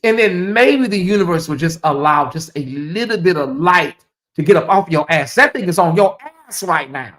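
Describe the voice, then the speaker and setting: A woman's voice: lowish voice, expressive, normal speed, fairly bright tone. A woman hosting a livestream commentary show, talking bluntly and preachily to her viewers and swearing freely. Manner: addresses viewers directly. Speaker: commentary channel host.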